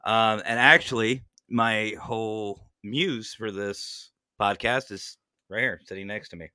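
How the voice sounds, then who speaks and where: A man hosting a podcast in casual chat, joking and swearing freely as he tells animated stories. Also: fairly low pitch, measured pace, clear, resonant tone, dry recording. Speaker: podcast host.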